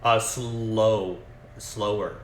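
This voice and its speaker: A man narrating as game master for an online tabletop game, his voice sitting fairly low. He talks in a loose, casual way, full of fillers and quick apologies. The sound carries a noticeable roomy echo. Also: fairly even intonation, slight background noise.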